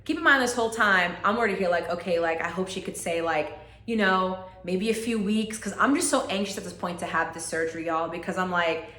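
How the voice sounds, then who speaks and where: A woman's voice: a little fast, sharp tone, echoey room. A woman telling a personal testimony in a casual, chatty way, often saying "like" and talking straight to her viewers. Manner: chatty, heavy use of "like", addresses viewers as "y'all"; acts out quoted conversations with shifts in pitch. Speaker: vlogger sharing a personal health testimony.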